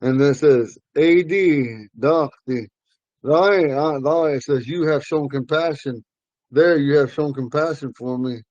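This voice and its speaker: A man teaching a language class, explaining word meanings slowly and repeating key phrases. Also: fairly high pitch, darkish tone, no room sound, muffled recording.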